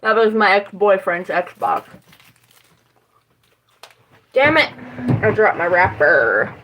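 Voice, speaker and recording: A woman's voice: mid-range voice, very animated, measured pace, lo-fi sound, a little hiss or hum. Swearing West Virginian woman livestreaming. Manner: rambling, swears freely, chats with viewers. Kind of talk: casual livestream chat. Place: home kitchen.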